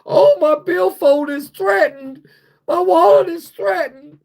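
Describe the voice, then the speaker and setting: A man's voice: extremely high pitch, takes it slowly, vocal fry, a little mellow, voice pushed up, full character voice. A man voicing a whiny, panicking politician in a mocking, exaggerated wail. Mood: mock panic.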